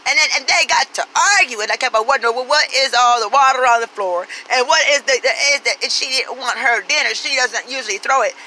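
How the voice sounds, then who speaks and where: A woman's voice: high voice, fast, few pauses, pushed and bright, slight background noise, poor audio. A woman telling a profane comic story in a brash, sassy, street-talking way, acting out everyone she quotes. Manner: brash, swears constantly, acts out every quoted voice.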